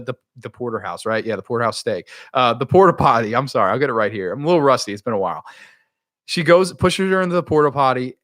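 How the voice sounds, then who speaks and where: A man giving a casual, excitable review of a horror film, with profanity and rambling asides. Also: mid-range voice, no room sound, studio quality.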